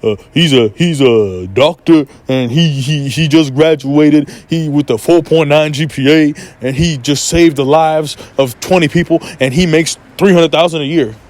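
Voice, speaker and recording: A man's voice: a little high, moderate pace, few pauses, a little mellow, lightly acted. A man putting on the voice of a smug parent who brags about a successful child, in a mocking way. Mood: boastful. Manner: boastful, mocking.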